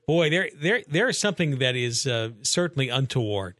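A man's voice: mid-range voice, lively intonation, normal speed, a bit bright, no echo, studio quality. A man hosting a call-in radio talk show, emphatic and concerned, pressing pointed questions.

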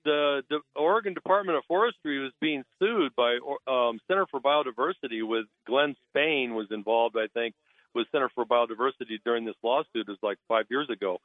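A naturalist calls in as a guest on a radio talk show, his mid-range voice a little fast over a phone line with no room sound. Blunt and indignant, he mocks officials by putting on voices.

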